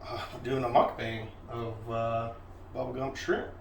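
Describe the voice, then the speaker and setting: A man's voice: medium pitch, little pitch movement, measured pace, vocal fry. A man co-hosting a casual food vlog, talking in a laid-back, playful way. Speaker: co-host. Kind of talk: casual chat, comedy skit. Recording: roomy sound from a distant mic, faint noise.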